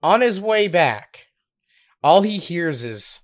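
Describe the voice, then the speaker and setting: A young man co-hosting a podcast, telling a story in a casual, giggly, animated way. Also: high voice, takes it slowly. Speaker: podcast co-host.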